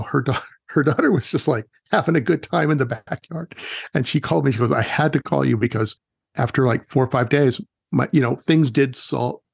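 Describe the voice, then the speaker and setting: Gravelly guy chatting about his camp kids, mid-pitched, dry close sound, easygoing storyteller. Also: no room sound. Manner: relaxed, chatty, quotes people in lively little voices. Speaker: wilderness educator, guest. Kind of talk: casual interview storytelling.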